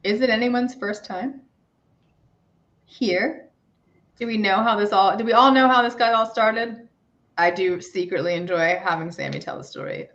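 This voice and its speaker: Gentle rambling woman on a lo-fi stream. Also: medium pitch, normal speed. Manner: gentle, rambling, casual with soothing guidance. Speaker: spiritual reader and stream host. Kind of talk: guided meditation and tarot reading livestream. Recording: dull lo-fi stream audio.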